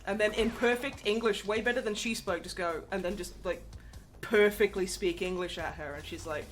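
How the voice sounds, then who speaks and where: A woman's voice: mid-range voice, moderate pace. A woman co-hosting a charity livestream, chatting in a casual, self-deprecating way. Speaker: livestream co-host. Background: music.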